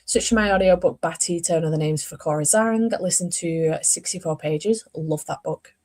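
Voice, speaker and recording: A woman's voice: lowish voice, moderate pace, darkish tone. Chatty woman, rambling and laughing. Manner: chatty, rambling, laughs often, self-correcting. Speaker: book vlogger. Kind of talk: casual chat.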